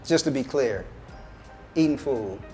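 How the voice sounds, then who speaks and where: A man's voice: medium pitch, expressive, measured pace, dark tone, soft background music. A man hosting a casual interview at a restaurant, asking questions in a laid-back, curious way. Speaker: host.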